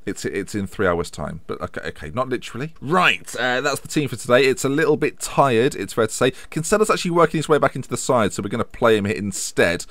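A young Englishman casually commenting over a football management game, rambling and self-mocking. His pitch moves in lively swings, rising into mock match commentary. The sound is dry and close. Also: fast talker, hardly any pauses, dry recording. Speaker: gaming YouTuber.

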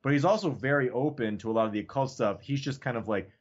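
A man's voice: mid-range voice, fast talker, muffled recording. A man in casual podcast chat as a guest, talking loosely and profanely and leaning on "like" and "you know what I mean.".

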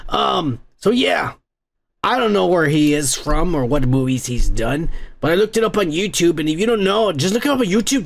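A man's voice: on the high side, creaky, a bit bright. A young American man hosting a podcast in a rambling, profane comedic rant. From United States. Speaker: podcast host.

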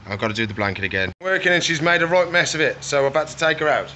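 A man's voice: a little high, lively intonation, racing, pushed and bright, slight background noise. Chatty man coaxing reptiles at feeding. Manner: coaxing and scolding the animals in a chatty, playful way. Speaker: reptile keeper feeding his animals. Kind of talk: casual vlog narration while working.

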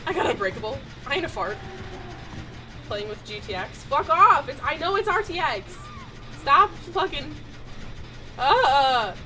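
High-voiced excitable cursing woman streamer. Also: a little slow, pauses often, over music, rough recording. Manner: excitable and profane, yelling at the game. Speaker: game streamer. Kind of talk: live gameplay commentary.

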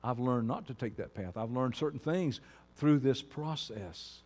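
Preacher in an echoing hall. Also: male voice, medium pitch, a little slow. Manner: swings from quiet to shouting. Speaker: pastor. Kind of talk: sermon.

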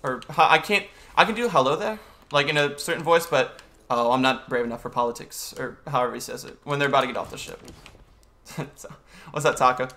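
A man's voice: mid-range voice, fairly quick, bright, forceful tone. A young man streaming a video game, chatting casually and greeting viewers and answering chat as he plays.

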